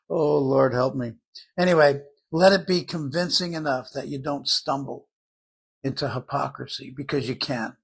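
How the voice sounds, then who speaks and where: An older man preaching a sermon in an earnest, conversational Bible-teaching manner, with a husky voice. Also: medium pitch, steady tone, moderate pace.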